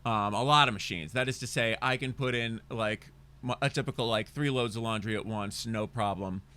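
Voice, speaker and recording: A man's voice: mid-range voice, fairly quick, bright, forceful tone. A young man co-hosting a podcast, talking in a loose, crude, joking way and rambling through stories. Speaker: podcast co-host. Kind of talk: casual chat.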